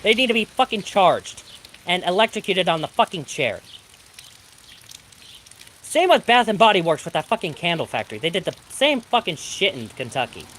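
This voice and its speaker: Swearing storm streamer, rants freely, pitch jumps all over, rain patters behind. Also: big pitch swings, moderate pace, a bit bright, slight background noise. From Pacific Northwest of the US. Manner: profane, ranting. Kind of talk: live-streamed storm chat. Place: home during a thunderstorm, rain outside.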